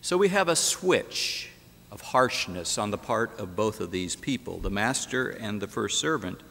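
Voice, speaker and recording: This preacher's voice is lowish, creaky, and a bit bright, with lively intonation and a measured pace. Delivering a sermon in a church sanctuary that echoes, he dramatizes the story and asks rhetorical questions.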